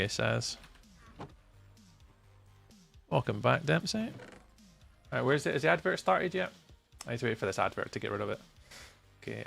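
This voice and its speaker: A Scottish man streams a game, talking easily to viewers and muttering between tasks. His voice is heavily gravelly and bright, swinging widely in pitch. Faint game music plays beneath him. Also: very animated, a little fast. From Scotland. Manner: chatty, answers chat readers by name, mutters to himself while playing. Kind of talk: live-stream chat while gaming.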